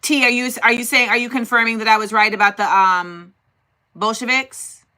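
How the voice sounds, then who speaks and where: Bright-voiced woman chatting on a livestream. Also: fairly high pitch, fairly even intonation, normal speed. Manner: chatty, thinking aloud, talks to the chat. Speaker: host. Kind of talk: casual livestream commentary.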